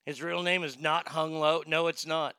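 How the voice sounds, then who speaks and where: Male comedy host who reads news with crude, irreverent asides. He has a high, very bright voice. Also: steady tone, moderate pace, clear, resonant tone, dry recording, clean studio sound. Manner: profane, irreverent joking. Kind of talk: comedic news-reading commentary.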